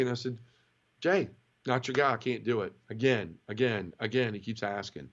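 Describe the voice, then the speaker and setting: On a muffled recording, a medium-pitched male voice talks at a normal speed. He's a guest in an interview, recounting how he converted in a candid, emotional, casual way, animatedly performing the voices of the people he quotes.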